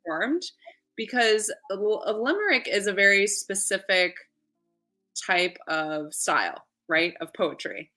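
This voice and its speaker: A woman's voice: medium pitch, expressive, measured pace, bright, forceful tone. A woman hosting a casual chat, enthusiastic, asking her guest questions with frequent restarts. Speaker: host.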